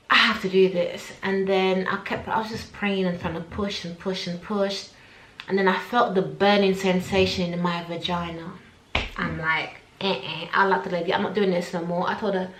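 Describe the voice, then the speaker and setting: A woman's voice: mid-range voice, moderate pace, slight background noise. A young woman, telling a personal story to camera and acting out what everyone said. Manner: animated, acts out her own quotes. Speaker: vlogger. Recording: echoey room.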